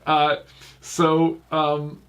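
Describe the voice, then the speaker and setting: A man's voice: on the high side, completely flat delivery, drawn-out words, clean tone. A man hosting a podcast in casual chat, rambling with lots of fillers and restarts. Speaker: podcast host.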